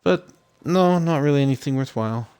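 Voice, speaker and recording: A streamer casually comments on his own gameplay, rambling and relaxed with plenty of ums and uhs. His voice is on the high side, a little fast, with a clean tone.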